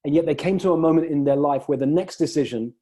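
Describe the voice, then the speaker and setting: A man's voice: a little high, fast, warm tone, slightly rough. A man coaching a client one-on-one, reflecting her words back and telling stories to make a point.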